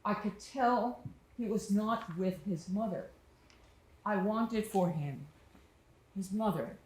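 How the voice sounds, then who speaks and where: A woman's voice: medium pitch, takes it slowly, a little mellow. A woman performing a solo storytelling monologue on stage, tender and reflective, lingering on her words. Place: small studio theater stage. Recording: echoey theater room.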